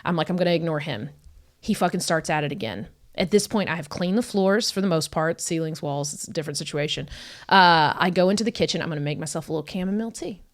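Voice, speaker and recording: A woman's voice: low voice, fast talker. A woman, a podcast guest, telling a funny personal story in casual chat, swearing freely and rambling with lots of asides. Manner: profane, energetic, rambling.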